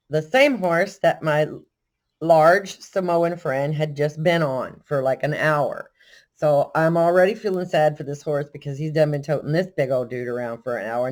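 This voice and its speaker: An older woman from Texas with a Texan accent, telling a story in a casual, animated, self-deprecating way. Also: sits low. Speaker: vlogger.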